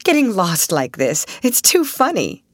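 A woman reading the part of a good-humored young girl who speaks in quick, light exclamations. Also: medium pitch, wildly swooping pitch, no echo, clean studio sound. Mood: wry.

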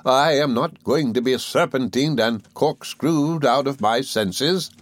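A man reading aloud, voicing a quick-tempered elderly aunt who scolds in clipped, emphatic bursts. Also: mid-range voice, big pitch swings, a bit bright, dry recording. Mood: indignant scolding.

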